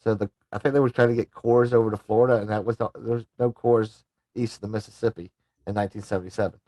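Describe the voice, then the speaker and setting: Laughing co-host, dry close mic. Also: male voice, fairly low pitch, steady tone, fast, warm tone, dry recording. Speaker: podcast co-host. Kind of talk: casual chat.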